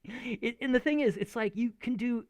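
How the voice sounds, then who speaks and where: A man teaching in a chatty, animated way, often laughing as he explains. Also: very high-pitched, normal speed, dry recording. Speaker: acting teacher. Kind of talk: video lesson.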